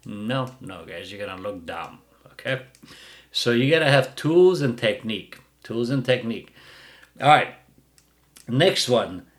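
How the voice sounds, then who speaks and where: A middle-aged man hosts a dog-training show in a blunt, mocking rant. His pitch swings up and down with lively emphasis. He talks loosely and casually, and he puts plenty of punch into his put-downs. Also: unhurried, long pauses. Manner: blunt, mocking, bursts of laughter.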